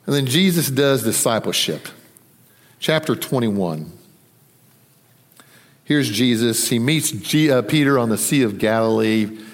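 A man preaching a sermon, conversational and animated, acting out the voices in the story. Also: medium pitch, a little slow, long pauses, long reverb tail. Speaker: pastor.

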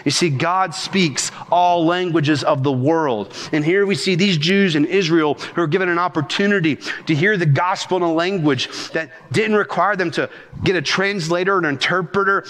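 Man, senior pastor, rhythmic animated sermon, fairly high voice. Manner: rhythmic, animated preaching with talk of speaking fast.

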